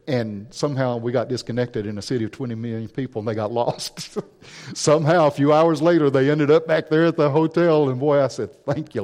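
A man's voice: mid-range voice, mellow, big-room sound. A man preaching a missionary sermon, mixing statistics with stories and building emphasis on key points. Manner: storytelling with statistics, rising emphasis.

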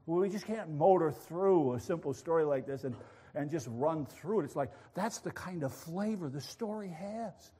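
A preacher with a high voice delivering a lively sermon. He dramatizes and stresses his points with passionate urgency. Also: moderate pace, husky. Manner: animated storytelling, passionate. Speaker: pastor.

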